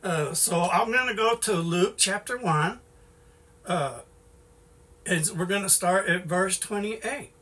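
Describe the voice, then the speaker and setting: Middle-aged male preacher, folksy, rambling delivery, bright tone, set back from the mic. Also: sits high, takes it slowly, far from the mic. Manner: folksy, repeats "you know", restarts often. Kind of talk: informal sermon.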